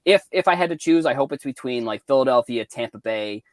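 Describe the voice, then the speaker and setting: A man's voice: medium pitch, animated, brisk, dry recording. A man from Cape Cod with a light Boston accent, chatting casually about sports and collecting as a podcast co-host, rambling with many restarts. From Cape Cod, Massachusetts. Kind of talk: casual sports and hobby chat.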